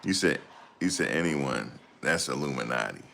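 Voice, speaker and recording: Very deep-voiced man chatting casually. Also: lively intonation, moderate pace, gravelly, a bit bright, slight background noise. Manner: rambling, slangy, laughs a lot. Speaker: host reading chat comments. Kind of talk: casual chat.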